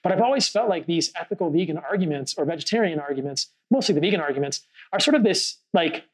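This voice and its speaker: A man with a fairly high voice hosts a relaxed podcast chat in person. He speaks earnestly and reflectively, winding through a story with plenty of "like" and "you know". His voice sits a touch above the usual male range. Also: fast, slightly rough, rough recording. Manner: earnest, thoughtful, storytelling with many fillers. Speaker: podcast host. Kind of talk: casual conversational podcast.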